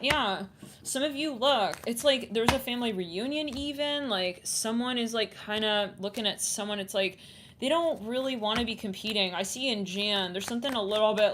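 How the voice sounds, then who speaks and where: Lady reading tarot cards for her viewers, rambly and chatty, some noise and clicks in the background. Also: medium pitch. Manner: chatty, thinks aloud, trails off and restarts. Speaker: tarot reader.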